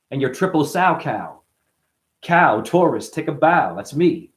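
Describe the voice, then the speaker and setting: A man's voice: on the high side, big pitch swings, slow. A man rapping a rambling, boastful freestyle full of puns and profanity. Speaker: freestyle rapper. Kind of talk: freestyle rap.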